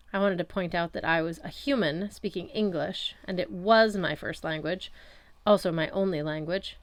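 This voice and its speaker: A woman's voice: on the low side, no echo. A woman narrating a first-person audiobook chapter in a wry, conversational storytelling manner. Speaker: audiobook reader.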